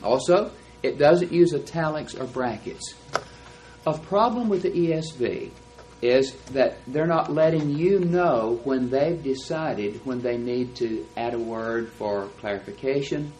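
A man's voice: medium pitch, measured pace, a little mellow, slight background noise, rough recording. A man teaching a Bible class, explaining texts in an emphatic, lecturing way. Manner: emphatic, explanatory, stresses key words.

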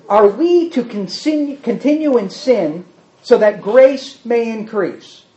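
A man's voice: very high-pitched, lively intonation, takes it slowly, dark tone, echoey room. A man preaching a sermon emphatically, putting rhetorical questions to the congregation. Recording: dull lo-fi sermon recording.

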